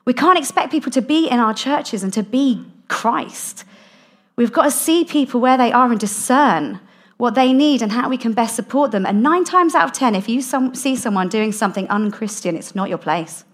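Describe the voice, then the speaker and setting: A young woman, a guest in an interview, candidly telling a personal story in casual, animated storytelling with frequent laughs. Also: fairly high pitch, normal speed. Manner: candid, animated, laughs often, drops softer in heartfelt parts.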